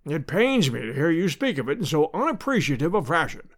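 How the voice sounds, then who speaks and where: A booming old professor who lectures with pompous, pedantic relish, as a male narrator puts him on. His voice rides high and swings widely through each grand sentence. He belongs to a classic adventure audiobook. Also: big pitch swings, a little fast. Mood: pompous lecturing.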